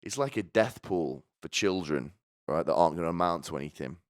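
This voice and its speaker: A man's voice: sits low, expressive, fairly quick, no room sound, clean studio sound. A man hosting a podcast, delivering a rambling, sardonic comedic monologue full of restarts. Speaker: podcast host.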